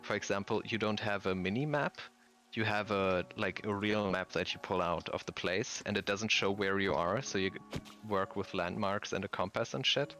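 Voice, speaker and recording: A male streamer talks loosely and jokes around while playing a game, his bright tone sitting on a fairly low pitch. He swears now and then and slips into silly put-on accents. Faint music plays underneath. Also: moderate pace. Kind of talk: casual gaming stream chat.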